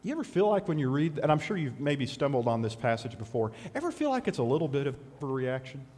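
A middle-aged man preaching a sermon as pastor, conversational and animated with sudden loud bursts. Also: medium pitch, fast. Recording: long hall reverb.

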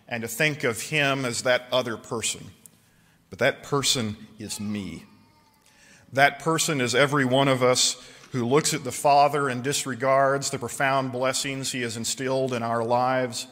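A man delivers a sermon from the pulpit in a relaxed, conversational way, stopping on "uh" and restarting phrases. His voice sits at a middling pitch. A long reverb trails his words through the church hall. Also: moderate pace. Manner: conversational with hesitant fillers and restarts. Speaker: preacher. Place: church sanctuary.

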